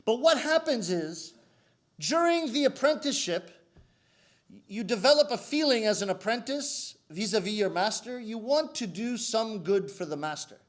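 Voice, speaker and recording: A man performing comic storytelling live, animated and theatrical as he speaks to the audience. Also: high-pitched, normal speed. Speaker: rakugo storyteller.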